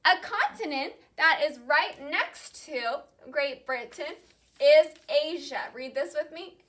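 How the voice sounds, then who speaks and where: A woman teacher leading a call-and-repeat classroom lesson, saying each vocabulary word slowly and clearly and then repeating it. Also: sits high, lively intonation, fairly bright tone. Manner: slow, clearly enunciated drilling of vocabulary.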